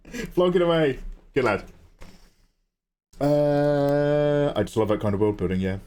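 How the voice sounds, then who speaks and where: A man's voice: mid-range voice, slow pace, dark tone, clean tone. An Australian man chatting casually while drawing on a livestream, laid-back, swearing and laughing as he reads chat. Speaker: art livestreamer.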